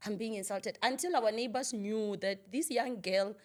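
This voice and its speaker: A woman minister gives personal testimony as a guest in a podcast interview, vividly acting out the dialogue she quotes. She speaks at a medium pitch and normal speed.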